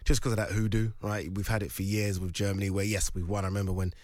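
Fast-talking male radio presenter. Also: fairly low pitch, little pitch movement, a little mellow, dry recording, studio quality. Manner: conversational, slangy. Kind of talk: casual recollection.

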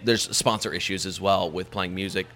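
Man, very low pitch, bright forceful tone, rambling casual talk, faint background hiss. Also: steady tone, moderate pace. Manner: rambling, many fillers and restarts, laughs easily. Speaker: podcast host, guest on another show. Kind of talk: casual interview chat.

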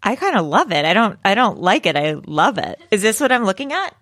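A young woman co-hosting a podcast in casual chat, animated and quick to laugh. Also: mid-range voice, no echo. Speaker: podcast co-host.

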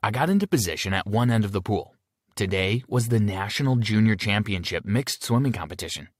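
Low, lively male story narrator. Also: fairly quick, no room sound, studio quality. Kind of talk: first-person story narration.

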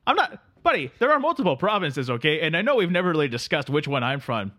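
A man's voice: on the high side, sing-song, quick pace, bright, forceful tone, full character voice. A man voicing a friendly, easygoing Canadian buddy with a put-on Canadian accent who says "buddy" and "eh" in a rambling, apologetic way, as a comedy bit on a podcast. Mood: cheery. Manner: calls everyone buddy, ends lines with eh, apologetic and rambling.

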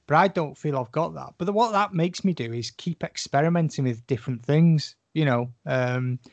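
A man's voice: on the high side, normal speed, dry recording, highs cut off. A man chatting casually as a guest artist, talking frankly and rambling, with the odd swear word. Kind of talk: casual chat.

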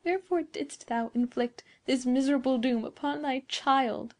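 A woman voicing a gentle, doomed young woman in a storybook reading, speaking softly and feebly. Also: a little high, fairly even intonation, unhurried. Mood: pleading. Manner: soft and feeble.

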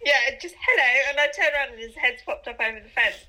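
A young woman, chatting on a video call and telling a story with lively quoted voices. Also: high voice, fast, poor audio. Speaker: co-host. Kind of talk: casual video call chat.

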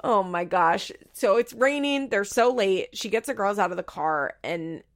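Young woman podcaster, casual gossipy recap, lots of fry, swears a bunch. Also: mid-range voice, expressive, measured pace. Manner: chatty, swears freely, frequent laughter. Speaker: podcast host.

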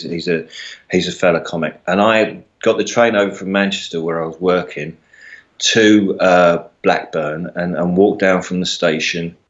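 Laughing Mockney-accented man, low voice. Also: dull audio. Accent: southern English, Mockney. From England. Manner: self-deprecating, laughs often, repeats words. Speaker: guest comedian. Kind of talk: casual interview chat.

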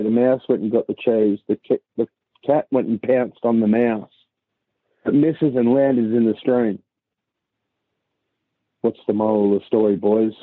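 A man's voice: mid-range voice, dry recording, narrow, tinny audio. A man telling a crude joke, full of swearing. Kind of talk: told joke.

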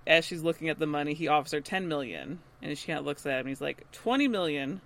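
Bright, animated woman podcaster. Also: deep voice, quick pace. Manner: animated storyteller, laughs often. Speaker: podcast co-host. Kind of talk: casual episode recap.

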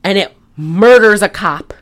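A woman's voice: medium pitch, a little slow. A woman hosting a podcast, recapping a film in casual chat and rambling with many fillers. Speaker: podcast host.

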